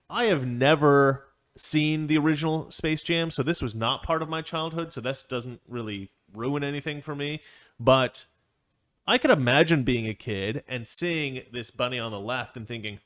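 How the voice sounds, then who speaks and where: A man's voice: medium pitch, a bit bright. Sarcastic man hosting commentary. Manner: sarcastic, laughing, digressive. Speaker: commentary host. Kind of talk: opinion commentary.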